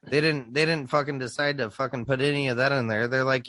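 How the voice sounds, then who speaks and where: A man's voice: mid-range voice, fast, dry recording. A man co-hosting a podcast, telling stories in casual chat, swearing a lot and laughing. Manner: profane, animated storytelling with laughs. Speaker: podcast co-host.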